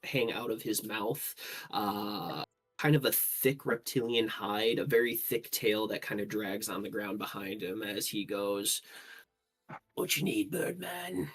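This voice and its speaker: Male game master, lowish voice, laid-back filler-heavy scene narration. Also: fairly even intonation, a little slow, a bit bright. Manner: descriptive, loose narration with many fillers.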